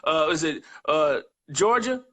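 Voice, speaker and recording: A man's voice: a little high, lively intonation, measured pace, fairly bright tone. A man co-hosting a live-streamed motivational chat, speaking earnestly and repeating his key phrases for emphasis. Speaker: guest co-host.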